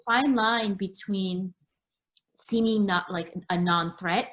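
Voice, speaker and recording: Chatty woman telling a business story. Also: slow pace. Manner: chatty, many fillers and restarts; acts out quoted dialogue with lively pitch jumps. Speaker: guest, apparel brand founder. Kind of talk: casual interview chat.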